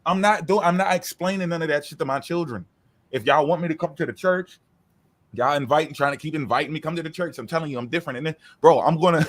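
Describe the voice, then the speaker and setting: Guy going off on a long rant, cussing a lot, voice a bit high. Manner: profane, emphatic, preachy rant. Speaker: podcast co-host. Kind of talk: casual group talk, ranting.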